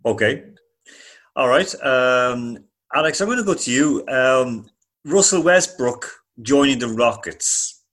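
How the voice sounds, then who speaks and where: Male panel host, mid pitch, halting delivery with frequent restarts. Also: lively intonation, a bit bright. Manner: hesitant, many fillers and restarts. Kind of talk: sports discussion panel.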